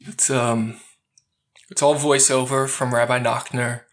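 A man's voice: medium pitch, level tone, unhurried. A man co-hosting a film podcast, talking casually and laughing often as he retells scenes and acts out the characters' lines. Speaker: podcast co-host.

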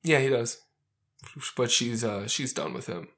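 A man's voice: medium pitch, animated, unhurried, a bit bright. A man in casual chat, recounting a film plot scene by scene and chuckling along. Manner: narrates plot step by step, chuckling.

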